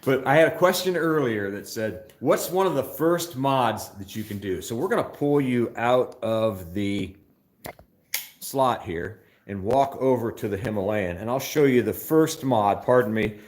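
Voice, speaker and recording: A man's voice: mid-range voice, animated, measured pace, echoey room. An older man hosting a casual phone live stream from a motorcycle shop, chatting in a rambling, scattered way and reading viewer comments aloud. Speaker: motorcycle channel host.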